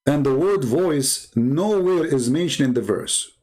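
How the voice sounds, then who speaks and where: A man's voice: fairly high pitch, animated, measured pace, a little mellow. A man with an Arabic accent hosting a live online debate, mocking his opponents with a string of rhetorical questions. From Arab world. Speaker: debate channel host.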